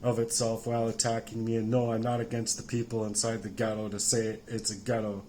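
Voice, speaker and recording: A man in his forties delivering an angry personal rant, heavily profane, swinging between shouting and low muttering. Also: monotone, brisk, slight background noise. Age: 40s.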